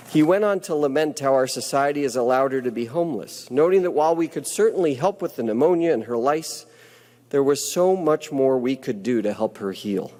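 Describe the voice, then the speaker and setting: A man's voice: medium pitch, brisk, a little mellow. Earnest man speaking in a reverberant hall. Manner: earnest, reflective storytelling. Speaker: ceremony speaker. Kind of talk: prepared ceremonial speech.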